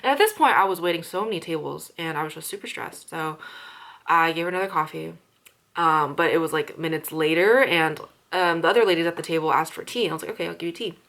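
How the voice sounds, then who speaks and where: A woman's voice: deep voice, quick pace, a bit bright. A young woman who works as a restaurant server, ranting casually with lots of swearing and fillers. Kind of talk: casual chat.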